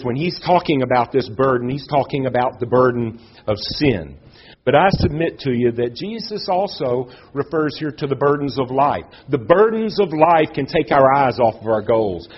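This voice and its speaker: A man preaching a sermon in an earnest way, pausing for effect and lifting his voice on key words. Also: breathy edge, dull audio. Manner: earnest, with dramatic pauses and rises in pitch.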